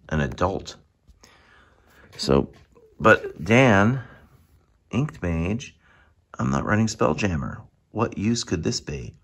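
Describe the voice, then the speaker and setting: Guy with a super deep husky voice gushing over minis, goes all quiet and hushed sometimes. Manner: enthusiastic, drops to hushed asides. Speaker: miniatures reviewer. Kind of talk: casual product review.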